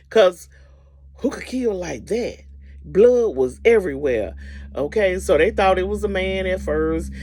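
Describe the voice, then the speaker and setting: A woman casually retelling a movie's story in a chatty, animated way, often asking "okay?" and calling the listener "honey". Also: on the low side, dry recording.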